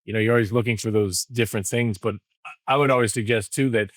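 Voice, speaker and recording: A man's voice: fairly low pitch, steady tone, fast, no echo. A middle-aged man, a former wrestling writer, chatting loosely on a podcast and acting out lines he remembers. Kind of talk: casual podcast chat.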